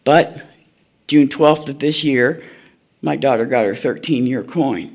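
A woman's voice: rumbling low, unhurried, a little mellow, slight background noise. An older woman, telling her own story at a recovery meeting in a blunt, folksy, candid way, laughing at herself. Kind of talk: personal storytelling share.

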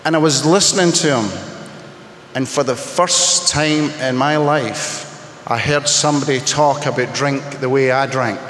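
A man's voice: medium pitch, steady tone, unhurried, fairly bright tone, a little hiss or hum. A man sharing his personal story at a recovery meeting, wry and self-mocking, with punchy comic timing. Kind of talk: humorous personal storytelling to an audience. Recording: echoey hall with faint ambience.

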